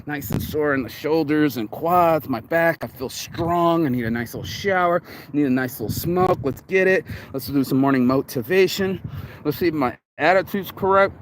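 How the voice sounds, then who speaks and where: A man's voice: on the high side, moderate pace, slight background noise. A man giving a casual, rambling motivational talk outdoors in a yard, swearing freely as he goes. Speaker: vlogger.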